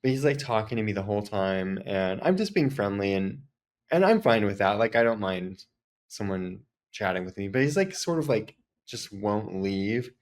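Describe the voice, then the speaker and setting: A man's voice: fairly low pitch, animated, moderate pace. A man podcast host telling a story in a casual, chatty way, full of "like" fillers.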